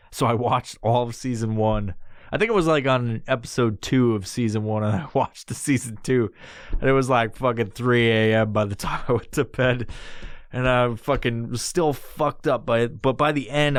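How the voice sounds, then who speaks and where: A man's voice: dry recording, clean studio sound. A man hosting a podcast, telling a rambling, profane story about himself in a casual way. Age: adult with a son. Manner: profane, rambling, acts out his own panicked voice in high squeals. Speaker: podcast host.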